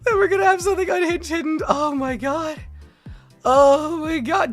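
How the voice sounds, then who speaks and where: High-pitched excitable woman streamer. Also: normal speed, faint music behind. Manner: excitable, laughs often, high squealing exclamations. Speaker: VTuber streamer. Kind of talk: livestream reaction chat.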